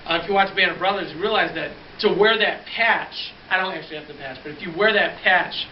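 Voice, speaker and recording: A male history teacher telling a story to his class in a lively, animated way, acting out the dialogue with shifting voices. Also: sits high. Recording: roomy, distant, dull with faint hiss.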